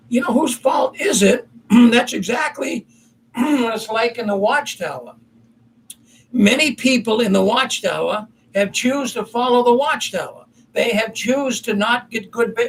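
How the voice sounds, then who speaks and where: Man, high-pitched, casual monologue, folksy storyteller, slight background hiss. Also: a bit bright, rough recording. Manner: rambling, folksy, self-correcting storyteller. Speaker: commentary host.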